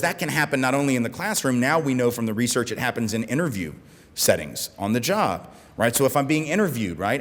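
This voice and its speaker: An American man giving a conference keynote, animated and gesturing, often checking in with "right?". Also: medium pitch. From United States. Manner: animated, talks with his hands, keeps asking "right?". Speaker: keynote speaker. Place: conference hall in front of an audience. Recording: long reverb of a conference hall.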